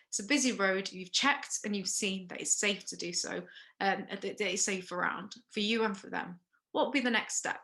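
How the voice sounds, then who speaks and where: In this recorded first aid lesson, a woman with a mid-range, bright voice and forceful tone explains every step. She pauses for questions and keeps checking in by saying okay.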